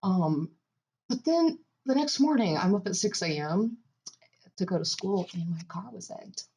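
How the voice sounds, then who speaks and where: Animated young woman telling a story. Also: mid-range voice, measured pace. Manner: animated storytelling with frequent laughs. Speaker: podcast co-host. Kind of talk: casual chat.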